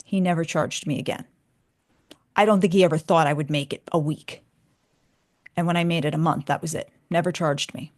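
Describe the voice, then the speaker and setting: Low-voiced woman telling a lively story. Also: fairly quick, long pauses. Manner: animated, acts out dialogue. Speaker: author, radio guest. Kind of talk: casual storytelling. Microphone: studio microphone.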